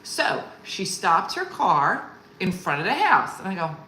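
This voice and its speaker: A middle-aged woman comedian hosting online and telling a story in a rambling, animated way, with constant asides to her audience. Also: lowish voice, measured pace, reverberant, a little hiss or hum, poor audio. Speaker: comedian and host. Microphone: video call.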